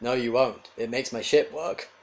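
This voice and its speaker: A man's voice: mid-range voice, moderate pace, gravelly, lightly acted. A man voicing a brash, cocky male adventurer who talks in an offhand, sneering way.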